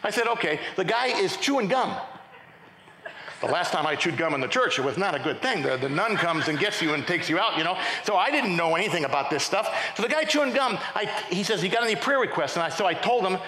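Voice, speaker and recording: Animated man preaching in an echoey church. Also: high voice, fairly quick, a little hiss or hum. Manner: animated storytelling with repeated restarts. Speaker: pastor. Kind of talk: sermon testimony. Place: large church sanctuary.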